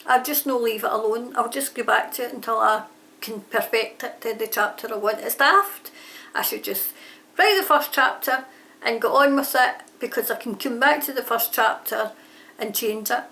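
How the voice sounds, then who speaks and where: The voice is a woman's, a little high and sharp in tone, at a moderate pace. She's an aspiring author answering a tag, chatting casually and rambling about her writing with frequent mid-sentence self-corrections. Her home is near a railway line, and trains pass in the background.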